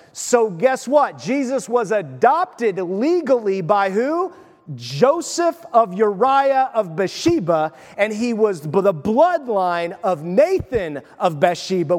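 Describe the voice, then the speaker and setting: Pastor guy preaching, high voice, pushes questions at the crowd, long echo from a big church. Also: darkish tone. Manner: emphatic, asks the crowd questions. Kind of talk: sermon.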